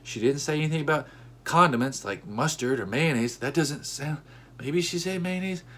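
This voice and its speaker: A man telling a comedic story about his everyday life, animated, bursting into high-pitched outbursts when he acts out what people said. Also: moderate pace.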